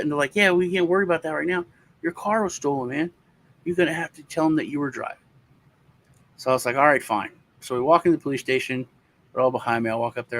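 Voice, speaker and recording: A fairly high-pitched male co-host spins a long personal story in a relaxed way, with occasional swearing. He animatedly performs the voices of the characters, and there's a slight hiss or hum.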